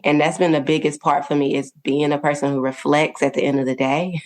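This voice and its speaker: A woman guest on a podcast, telling her parenting story in an earnest, conversational way, laughing often and checking in with her listeners. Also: low voice.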